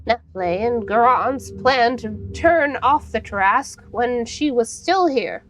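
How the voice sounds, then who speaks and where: A woman voicing a gentle, worried old woman while reading game dialogue aloud, slow and careful. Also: a little high, expressive, faint music behind, rough recording.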